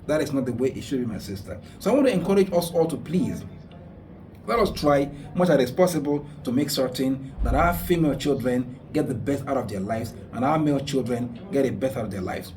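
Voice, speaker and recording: A man's voice: medium pitch, lively intonation, fairly quick, darkish tone, distant mic, slight background noise. A man hosting a radio talk show and giving earnest religious advice, repeating his points for emphasis. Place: radio studio.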